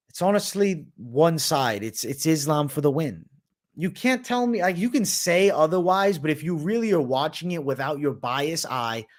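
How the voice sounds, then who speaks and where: A young man hosting a casual livestream, reading viewers' questions aloud and answering with blunt, slangy opinions. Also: mid-range voice. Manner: slangy, says bro and man often.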